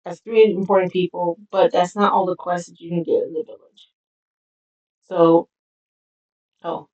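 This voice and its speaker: Slow-talking, low-voiced woman streamer. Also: little pitch movement, warm tone, lo-fi sound. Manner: rambling, with many fillers. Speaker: game streamer. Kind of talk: casual gameplay commentary.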